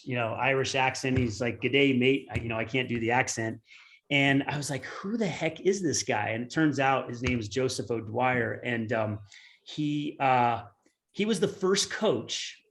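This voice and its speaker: A man in his forties, a former pro turned tennis coach, telling a long story in a webinar with many fillers. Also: medium pitch. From United States. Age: 40s.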